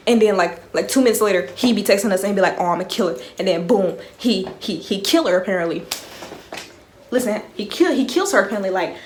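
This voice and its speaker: Animated young woman telling a story. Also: medium pitch, reverberant, a little hiss or hum. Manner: animated, slangy, keeps checking in with the listener. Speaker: vlogger. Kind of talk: casual storytime monologue.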